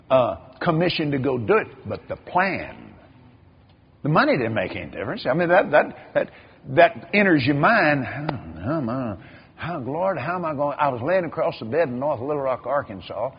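Animated older preacher, husky voice. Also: male voice, medium pitch. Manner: animated storytelling, acts out quoted voices, repeats words. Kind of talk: sermon. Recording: dull lo-fi recording.

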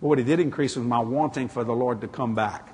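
A man's voice: medium pitch, fast talker, slightly rough. A man with a Cajun accent preaching a folksy sermon, acting out dialogue as he goes. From Louisiana. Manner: folksy, animated, acts out dialogue. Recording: long hall reverb, faint noise.

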